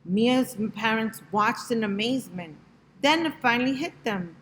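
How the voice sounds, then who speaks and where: Slow, gentle woman reading a picture book. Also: fairly high pitch, lively intonation, slight background noise, rough recording. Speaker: storybook reader.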